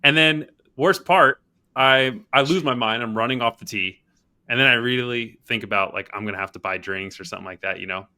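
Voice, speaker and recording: A man's voice: medium pitch, a little fast, sharp tone. A man co-hosting a golf podcast, telling an anecdote with enthusiasm in casual chat. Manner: enthusiastic storyteller. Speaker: podcast co-host.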